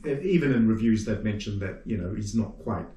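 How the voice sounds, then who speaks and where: Kiwi guy chatting about his work, animated, roomy far-off mic. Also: lowish voice, a little fast. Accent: New Zealand. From New Zealand. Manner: animated storyteller who acts out quoted remarks. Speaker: puppet maker guest. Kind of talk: casual interview chat. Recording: roomy sound from a distant mic.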